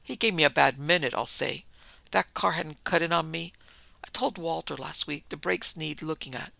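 A man's voice: on the high side, moderate pace, creaky, pushed and bright, dry recording, full character voice. A man reading the part of a brusque, domineering wealthy husband who talks in curt commands.

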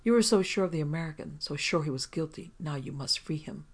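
A reader doing a calm, steady detective. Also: medium pitch, fast talker, lightly acted. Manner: steady and gentle.

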